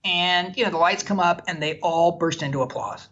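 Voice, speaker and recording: Guest, male film director, husky voice, candid self-deprecating anecdotes, dull lo-fi recording. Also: high-pitched, moderate pace, a bit bright. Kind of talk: animated anecdotal storytelling.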